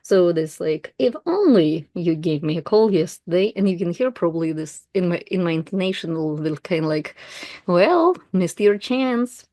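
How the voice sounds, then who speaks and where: Russian-speaking woman, language tutor, low mellow voice, dry close recording, relaxed and unscripted. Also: fairly quick, few pauses, no room sound. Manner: relaxed, thinking aloud with fillers and self-corrections. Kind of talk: explaining a text while reading aloud.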